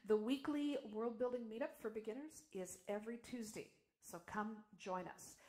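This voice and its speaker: A woman co-hosting a live news stream in a chatty, loose way, laughing often between announcements. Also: mid-range voice.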